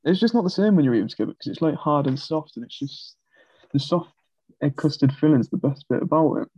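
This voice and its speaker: Fast-talking man, lo-fi mic. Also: a little high, slightly rough, no room sound. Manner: animated, laughing as he talks. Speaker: podcast co-host. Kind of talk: casual chat.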